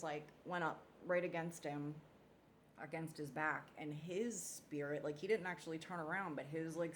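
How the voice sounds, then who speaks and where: Woman, deep voice, rambling casual dream story, drops the odd swear word. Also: slight background noise.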